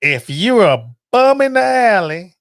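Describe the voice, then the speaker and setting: A man's voice: high-pitched, very animated, measured pace, no room sound, studio quality, voice pushed up, exaggerated voice. A man voicing his late grandmother, an older woman giving folksy, tender life advice. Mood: loving advice.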